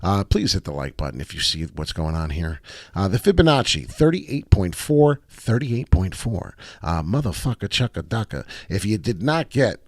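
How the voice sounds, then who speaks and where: A man hosting a casual crypto livestream, talking through charts with excitement and plenty of swearing, and greeting viewers from the chat. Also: deep voice, normal speed, no echo, clean studio sound. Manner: excitable, profane, reads chat aloud.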